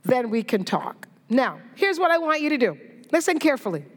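A woman voicing God as a calm, patient presence, speaking slowly and gently but firmly. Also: high-pitched. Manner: calm, unhurried, gently firm. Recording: echoey hall reverb.

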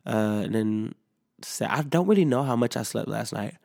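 A man's voice: mid-range voice, lively intonation, normal speed, creaky, darkish tone, no echo, clean studio sound. A man hosting a solo podcast, rambling casually with lots of swearing and fillers, sleepy and a little sick. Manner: rambling, profane, frequent fillers and restarts. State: sleepy, yawning; slightly sick. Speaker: podcast host.

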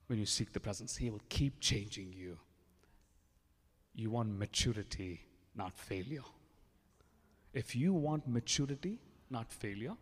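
A man from India preaches with an Indian accent, fervent and repetitive, stumbling over restarts as he builds. His delivery is slow and drawn out at a middle pitch. The sound rings with the long reverb of a large hall. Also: darkish tone. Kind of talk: sermon.

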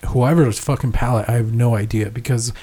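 A young man chats loosely on a podcast, rambling through a story with swearing and frequent laughter. His voice is mellow and relaxed, sitting in a middle pitch. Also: brisk, breathy edge. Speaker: podcast co-host. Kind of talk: casual chat.

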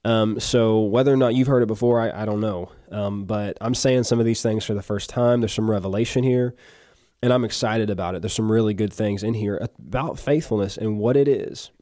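A man's voice: fairly low pitch, brisk, warm tone, no room sound, clean studio sound. A man hosting a casual faith-based podcast, talking in a chatty, rambling way with frequent restarts. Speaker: podcast host.

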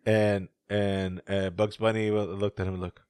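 A man co-hosting a podcast in casual chat, animated and profane, laughing often. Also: lowish voice, measured pace, clear, resonant tone, no room sound, studio quality. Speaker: podcast co-host.

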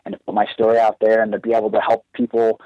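A young man with a lowish voice tells a heartfelt story at length, circling back on himself with lots of "like" and "you know." The sound is dull and lo-fi, with a dry, close quality and no room around it. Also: monotone, fast talker, dry recording. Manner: earnest, rambling, heavy use of "like". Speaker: guest wrestler. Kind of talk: casual storytelling.

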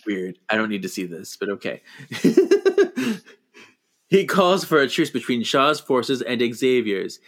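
A man's voice: medium pitch, huge pitch swings, slow. Male co-host, casual recap delivery, playful and mocking. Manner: retells scenes with mocking voices and laughs. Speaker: podcast co-host. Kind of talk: casual movie recap chat.

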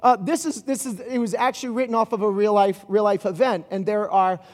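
A man giving a casual sermon in a church, retelling a film scene in an animated, rambling way. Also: high-pitched, brisk, long reverb tail. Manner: animated storytelling with asides and restarts. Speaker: pastor.

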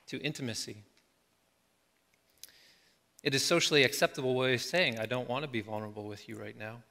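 Reflective middle-aged man preaching in a hall. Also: mid-range voice. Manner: reflective, slow with soft trailing endings. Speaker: pastor. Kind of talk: sermon. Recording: long hall reverb.

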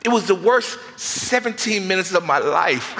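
A man preaching as a guest pastor, telling comic stories in an animated, self-mocking, conversational way. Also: high voice, normal speed, in a large hall, very noisy. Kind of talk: sermon with comic storytelling. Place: church sanctuary.

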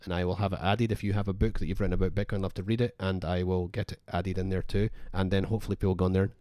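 A man's voice: deep voice, flat delivery, rapid-fire, dark tone, dry recording, clean studio sound. A man co-hosting a podcast in casual, rambling chat full of fillers and restarts. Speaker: podcast co-host.

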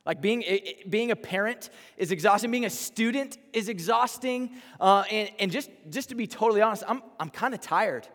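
A man's voice: high voice, brisk, hardly any pauses, fairly bright tone. A young man from Texas with a Texan accent, preaching a chatty, earnest sermon as a campus pastor, often restarting his phrases. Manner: earnest and chatty, with many false starts and repeated words. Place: large hall. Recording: live hall with long reverb.

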